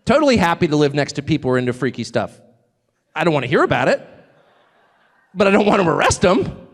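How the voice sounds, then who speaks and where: A man's voice: a little high, big pitch swings, fast talker. A man speaking to a live audience, emphatic and mocking, with rhetorical questions. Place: large hall with audience. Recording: played clip, long hall reverb, faint crowd.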